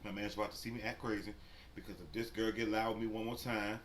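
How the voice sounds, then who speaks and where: A man vlogger telling a story casually while he eats, animated and profane, and talking straight to his viewers. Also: lowish voice, fast. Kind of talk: casual storytelling during a mukbang.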